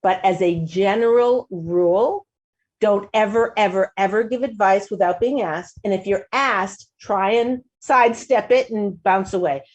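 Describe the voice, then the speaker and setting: Woman, talk show host, casual advice, animated, laughs often, many restarts. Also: a little slow, highs cut off. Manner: animated, acts out quoted lines in a higher voice.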